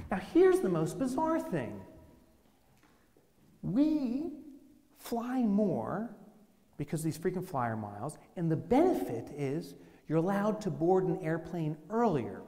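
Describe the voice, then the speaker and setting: A man telling funny stories as a business speaker in a keynote talk, animated and playful. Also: sits high, takes it slowly, pauses often. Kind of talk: humorous keynote storytelling. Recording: long hall reverb.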